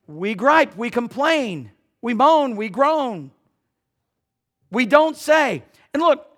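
A male pastor preaching a conversational sermon who banters with his congregation and swings between loud emphasis and hushed passages. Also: extremely high pitch.

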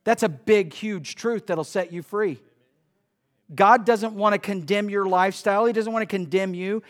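A man preaching a sermon in church, swinging between loud emphasis and quiet asides. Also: high voice, moderate pace. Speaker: pastor. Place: church sanctuary.

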